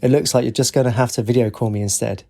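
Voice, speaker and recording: A man's voice: medium pitch, steady tone, fast, creaky, warm tone. A man voicing a tired young woman student in an audiobook, teasing and lightly sarcastic.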